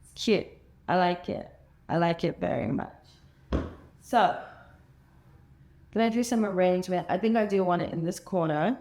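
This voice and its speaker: A woman's voice: fairly low pitch, normal speed, long pauses, darkish tone, slight background noise. A young woman vlogging casually from her apartment, chatty and enthusiastic with lots of fillers. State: out of breath. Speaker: lifestyle vlogger. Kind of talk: casual vlog chat. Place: her apartment living room, indoors.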